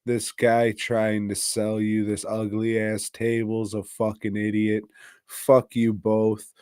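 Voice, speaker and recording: A man's voice: on the low side, monotone, slow, a little mellow, clear, resonant tone, no room sound, studio quality. A man voicing a young wife who talks in a contemptuous, profane way. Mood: scornful. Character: scornful, cursing young wife and mother.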